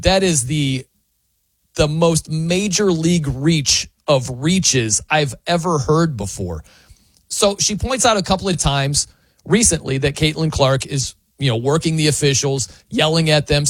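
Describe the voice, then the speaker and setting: Mocking and incredulous, a male sports commentary host with a fairly high pitch gives an animated, opinionated monologue on his talk show, recorded with no echo.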